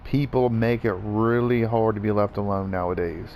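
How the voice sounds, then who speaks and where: A man's voice: on the low side, moderate pace, a little mellow. A man venting in a profane, repetitive rant while gaming, with faint background noise.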